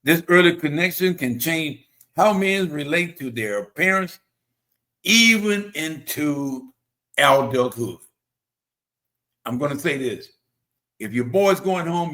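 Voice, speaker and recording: A man's voice: a little high, fairly bright tone. A man hosting a casual motivational talk, earnest and preachy, who often repeats himself. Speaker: host.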